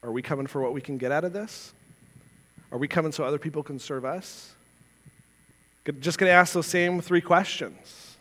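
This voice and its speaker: A man's voice: a little high, normal speed, long pauses, fairly bright tone, big-room sound. A man preaching a sermon as pastor, earnest and conversational, asking his listeners rhetorical questions. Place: church sanctuary.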